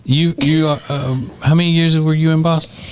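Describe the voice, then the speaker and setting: A man's voice: on the high side, steady tone, moderate pace, darkish tone, slight background noise. A man hosting a morning radio show, chatting casually and teasing his co-hosts.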